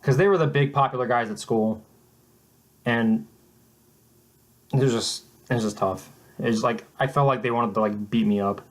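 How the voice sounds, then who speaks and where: A young man tells a mock-serious story in a flat, deadpan way, often stopping and restarting his sentences. His voice sits in the middle of the male pitch range. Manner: halting and deadpan, with many restarts. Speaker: vlogger.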